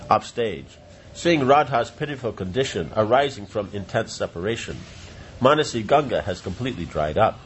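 A man reading a devotional play aloud, voicing every part himself, with halting restarts and exclamations that rise in pitch. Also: expressive, slight background noise. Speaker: reader of a devotional drama.

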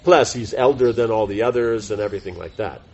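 A man's voice: fairly low pitch, a little fast, gravelly, a little mellow, highs cut off, a little hiss or hum. A man teaching a devotional class in an informal, rambling way, full of fillers and self-corrections. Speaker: spiritual teacher giving a class.

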